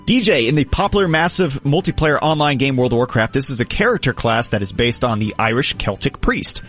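A man's voice: medium pitch, expressive, brisk, a bit bright, faint music behind. A man hosting a casual comedy quiz, playfully reading out questions and multiple-choice options. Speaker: game show host.

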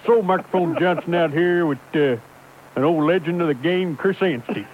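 A man playing a bumbling, folksy truck driver who acts as a reporter, with a drawl, who keeps clearing his throat and rambles. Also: a little high, animated, unhurried. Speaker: guest character in comedy bit. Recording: tinny lo-fi radio broadcast, faint hiss.

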